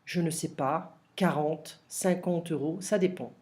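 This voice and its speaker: A woman's voice: low-pitched, normal speed, a little mellow, natural voice. A woman voicing a polite male customer in a textbook shop dialogue, making hesitant requests.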